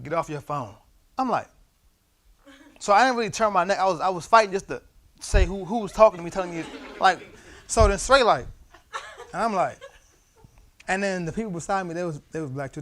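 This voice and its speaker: Young guy, a touch high-pitched, teaching Bible study in a relaxed storytelling way with lots of slang. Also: a little hiss or hum. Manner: loose, storytelling, laughing often, slangy. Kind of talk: casual Bible study teaching with personal stories. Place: church.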